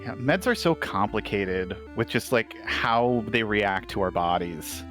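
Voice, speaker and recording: A man presenting his game run on a stream, talking in relaxed casual chat and directing the others. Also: on the low side, unhurried, soft background music.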